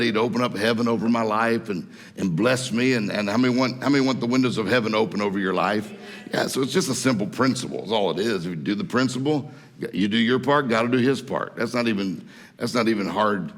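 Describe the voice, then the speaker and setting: A man from Mississippi, preaching a sermon in a folksy storytelling way and laughing at his own jokes. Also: fairly low pitch. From Mississippi, USA. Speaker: guest preacher. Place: church hall. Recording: long church hall reverb.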